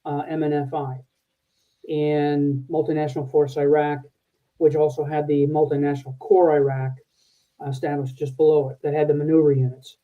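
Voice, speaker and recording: An older man, a retired military officer, telling a rambling, halting story as a podcast guest. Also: on the high side, level tone. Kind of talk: conversational war story. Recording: tinny phone-like line.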